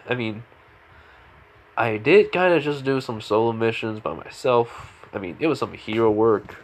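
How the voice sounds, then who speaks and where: A man's voice: mid-range voice, moderate pace. A man casually retelling a fan story, rambling with many fillers and restarts.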